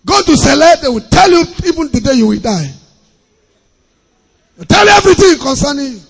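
A man preaches as pastor in a strikingly high, gravelly voice. He hammers his points with repetition and bursts of shouting. The sound carries the long reverb of a church hall. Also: expressive, moderate pace. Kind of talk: sermon.

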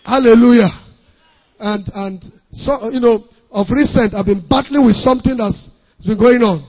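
Man, pastor's sermon, very high voice, gravelly and husky, emphatic, long echo of a church hall. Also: normal speed. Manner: emphatic preaching with repetition and sudden shouts.

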